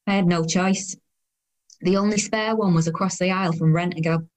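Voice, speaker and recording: A woman's voice: fairly low pitch, fairly even intonation, moderate pace, lightly acted. A woman in her thirties narrating in the first person as a weary, self-conscious woman, with a dry, sardonic tone. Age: 30s.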